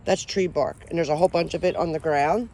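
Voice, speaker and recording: A paranormal vlogger walks outdoors among trees, rambling casually to the camera, often unsure of herself and restarting her sentences. She talks at a quick pace in a low voice that's a little mellow.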